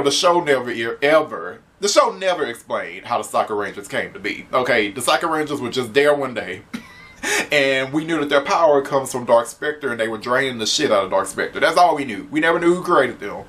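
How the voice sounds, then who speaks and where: A man's voice: on the high side, a bit bright. A man giving a casual spoken comic book review, chatty, laughing often and swearing freely.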